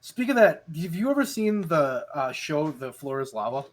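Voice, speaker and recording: A man with a slightly high voice, chatting on a podcast about things he has watched. He tells his stories with a lot of energy and swears freely. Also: moderate pace. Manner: animated storyteller, swears a lot. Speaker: podcast co-host. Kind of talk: casual chat.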